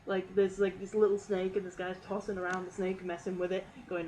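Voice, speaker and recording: Giggly rambling woman streamer, low-ish voice. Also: fairly quick, rough recording. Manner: rambling, giggly, lots of fillers. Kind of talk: casual meme review commentary. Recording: steady background noise.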